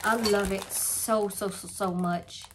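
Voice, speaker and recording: A woman's voice: mid-range voice, steady tone, takes it slowly, noisy background. Gushing woman unboxing gifts. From Louisiana, USA. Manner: gushing, repeats herself, speaks right to viewers. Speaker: crafting channel vlogger. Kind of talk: casual unboxing vlog.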